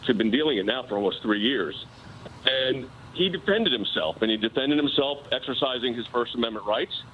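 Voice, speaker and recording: A man's voice: mid-range voice, animated, normal speed, muffled recording, slight background noise. A man, a personal attorney, arguing his case insistently in a live TV news interview. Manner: insistent, argumentative legal explanation.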